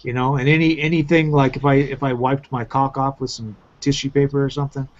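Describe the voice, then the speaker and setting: A man's voice: medium pitch, level tone, fairly quick, a loud crowd. A man hosting a crude, casual round-table chat over a video call, talking bluntly and profanely in rambling runs full of restarts. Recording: muffled lo-fi online call.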